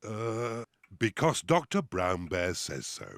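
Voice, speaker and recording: A genial cartoon daddy pig. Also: male voice, lowish voice, very animated, slow pace, fairly bright tone, no echo, clean studio sound, full character voice. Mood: fatherly. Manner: genial, patient fatherly tone. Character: cheerful father pig, easygoing dad. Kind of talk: children's cartoon voice acting.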